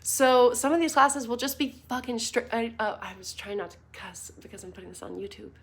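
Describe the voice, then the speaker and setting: A woman's voice: fairly high pitch, steady tone, brisk, a little hiss or hum. A woman giving a casual online class over slides, chatty and playful, with fillers and little laughs. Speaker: course teacher.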